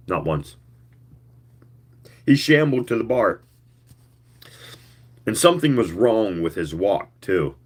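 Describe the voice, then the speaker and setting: A man giving a live reading of a story in a slow, measured storytelling manner. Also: low voice. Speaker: reader.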